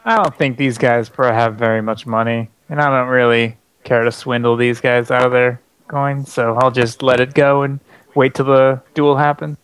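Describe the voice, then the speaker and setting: A man in a tabletop game with a smooth, clean voice on a dry, close mic. He thinks aloud and hesitates with fillers. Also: medium pitch, steady tone, moderate pace, a bit bright, dry recording, rough recording. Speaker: player.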